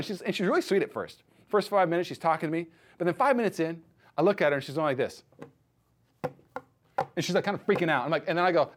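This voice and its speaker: Fast-talking, animated pastor in his thirties. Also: fairly high pitch. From United States. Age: 30s. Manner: animated storytelling, acts out quoted voices. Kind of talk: sermon.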